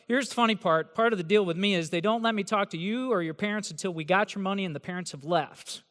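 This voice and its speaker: A man with a fairly high, resonant voice gives a joking talk to a room of new students. He teases them in a sarcastic way, and his words ring out with the long reverb of a big hall. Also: fairly bright tone. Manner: sarcastic, teasing, joking delivery. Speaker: university professor. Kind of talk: humorous address to new students. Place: large hall with an audience.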